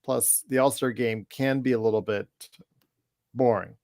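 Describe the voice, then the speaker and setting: Mid-pitched guy hosting a sports podcast, dry close sound, upbeat and teasing. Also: steady tone, normal speed, darkish tone, no echo. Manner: teasing, upbeat, wraps up segments. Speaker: podcast host. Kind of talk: casual sports talk banter.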